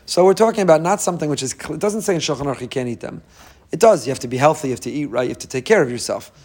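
Joking, animated Jewish religious teacher, a man. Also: a little high, racing, breathy edge. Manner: humorous, self-deprecating, conversational. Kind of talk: informal Torah talk.

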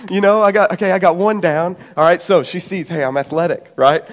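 Young guy in his 20s preaching, kinda high voice, tells the story all animated, bit out of breath. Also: brisk. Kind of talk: sermon with personal story.

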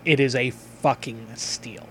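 Profane, excitable male podcast host. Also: medium pitch, takes it slowly, slight background noise. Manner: loose, profane, excitable storytelling. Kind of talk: casual podcast chat with sponsor reads.

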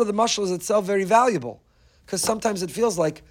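A man's voice: sits high, quick pace. A man giving an inspirational Torah talk, telling stories earnestly and emphatically, often repeating phrases for weight. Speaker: Torah teacher.

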